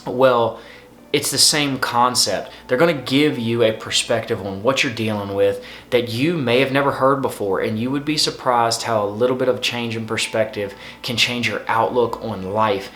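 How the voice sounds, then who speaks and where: A man's voice: medium pitch, moderate pace, a bit bright. Guy in an echoey room giving earnest advice, kinda pleading, keeps repeating himself. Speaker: host.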